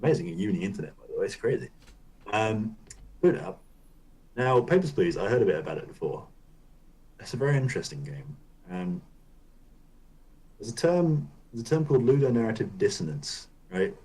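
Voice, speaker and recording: A man's voice: fairly low pitch, very animated, a little fast, pauses often, dark tone, rough recording. A man co-hosting a gaming podcast, rambling loosely through a casual chat and swearing now and then. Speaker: podcast co-host.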